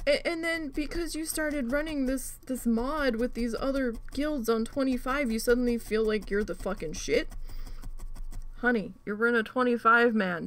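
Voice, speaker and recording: Animated, foul-mouthed higher-voiced woman. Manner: animated, heavy swearing. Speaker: channel host. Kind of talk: casual storytelling while crafting.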